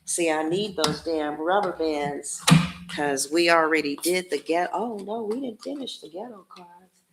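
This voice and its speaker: A woman's voice: on the low side, a little slow, gravelly, heavy background noise. A woman giving a casual tarot reading, talking bluntly and preachily, with slangy asides to her viewers. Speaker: tarot reader.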